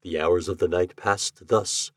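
A man reading a story aloud as a guest, with a measured, expressive narration. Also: low voice, dry recording, studio quality. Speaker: guest reader.

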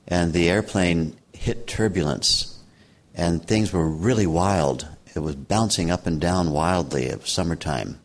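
Deep-voiced older man telling stories calmly. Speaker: meditation teacher. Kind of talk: reflective storytelling.

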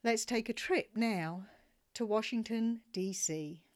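A woman reading her travel memoir aloud with wry, expressive storytelling. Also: a little high, slow pace. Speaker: narrator.

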